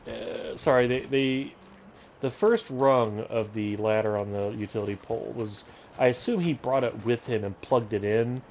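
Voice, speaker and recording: A man's voice: medium pitch, a little mellow, a little hiss or hum. Rambling male gameplay streamer. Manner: rambling, self-interrupting, goes off on tangents. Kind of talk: casual live gameplay commentary.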